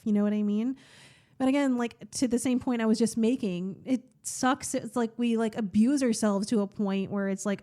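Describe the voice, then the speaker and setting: Woman podcast host, young adult, warm and relaxed tone, chatty and candid, thinking aloud. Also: mid-range voice, normal speed. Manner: candid, chatty, many "like" fillers and restarts. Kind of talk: casual personal monologue.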